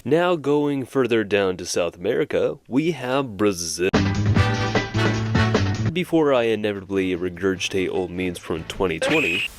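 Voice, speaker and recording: A man's voice: lowish voice, animated, measured pace, over loud music. A man in his twenties hosting an animation channel, giving joking, self-deprecating comedic commentary.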